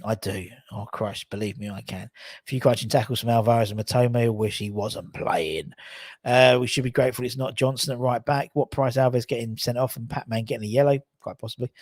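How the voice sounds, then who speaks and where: A man hosting a live football fan show, chatting casually, animated and sweary, reading viewer comments aloud. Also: mid-range voice, no room sound, clean studio sound. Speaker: fan channel host. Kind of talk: casual live matchday chat.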